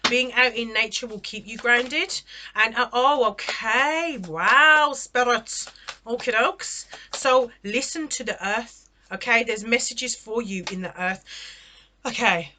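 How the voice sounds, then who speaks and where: A woman with a bright, forceful voice reads tarot cards in a loose, chatty way. She exclaims as she turns cards and keeps checking in with the listener. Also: on the high side, slow pace, a little hiss or hum. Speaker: tarot reader. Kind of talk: casual spoken tarot reading.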